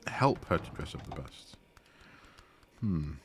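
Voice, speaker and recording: Excitable man streaming a game. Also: rumbling low, takes it slowly, over music. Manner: excitable, talks to the game characters. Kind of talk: casual gameplay commentary.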